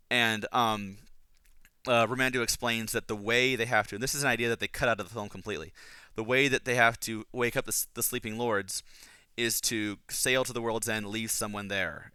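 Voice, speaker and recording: A man hosts a podcast in a bright, crisp, clear voice, talking casually and eagerly through his analysis. He rambles and restarts his sentences often, his enthusiasm carrying him along. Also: medium pitch, no echo. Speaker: podcast host. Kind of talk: casual book and film analysis.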